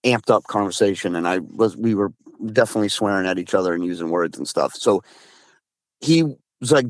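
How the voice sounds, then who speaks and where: A man's voice: on the low side, a little fast, no room sound. Man from Massachusetts telling a story. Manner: rambling, restarts, quotes friend in dialogue. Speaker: guest telling an encounter. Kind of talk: casual storytelling.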